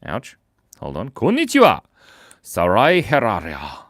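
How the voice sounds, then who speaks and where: A man's voice: on the low side, sing-song, a little slow, no room sound, clean studio sound. A young Australian man hosting a live drawing stream, chatting playfully and laughing as he reads out viewer comments.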